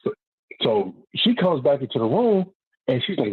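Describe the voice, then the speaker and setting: A man tells his story as a caller on a talk show, and he comes through a tinny, muffled phone line. His voice sits a little low and sounds husky, with a dry, close sound. He rambles and swears freely. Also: big pitch swings, a little fast, no room sound. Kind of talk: casual storytelling on a call-in show.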